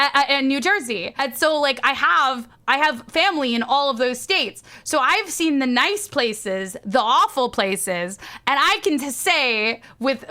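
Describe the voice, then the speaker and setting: A woman's voice: on the high side, bright, forceful tone. A young woman from the New York area, rambling casually on a stream, swearing and laughing. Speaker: vtuber streamer.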